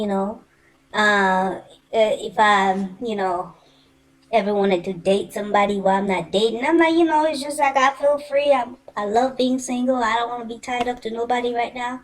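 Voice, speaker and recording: A woman telling a personal story in a casual, animated and colloquial way, swearing freely. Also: on the high side, normal speed, poor audio.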